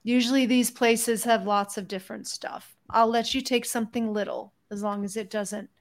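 A woman playing a tabletop role-playing game, speaking both in and out of character in a brisk, teasing manner. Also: on the high side, fairly even intonation. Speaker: player voicing a character.

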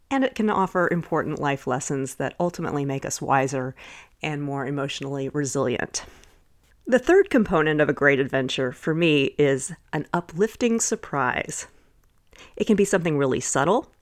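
Middle-aged woman host telling personal stories. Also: low-pitched. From Texas. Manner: lively anecdotal storytelling with chuckles. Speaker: podcast host. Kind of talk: personal storytelling podcast.

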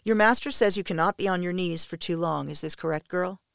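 A woman voicing a stern, commanding female captain who gives clipped, measured orders in a story reading. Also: fairly low pitch, vocal fry, fairly bright tone, smooth, dry recording, studio quality.

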